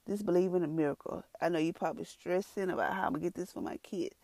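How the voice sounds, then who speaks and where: A woman with a low, gravelly voice, telling her testimony to viewers. She talks earnestly and conversationally, acting out her own past reactions as she tells the story. The sound is dry and close. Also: fast talker, a little mellow, no room sound. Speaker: mother sharing a testimony. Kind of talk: emotional personal testimony to viewers.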